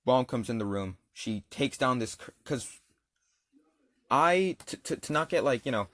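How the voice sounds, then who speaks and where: A young man rambles through a storytime in a mid-pitched, everyday voice. He talks in slang, full of "like" and "you know". The recording is close and dry. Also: expressive, a little slow, fairly bright tone, no echo. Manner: rambling and slangy, many fillers. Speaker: gaming channel storyteller. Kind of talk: casual storytime over gameplay.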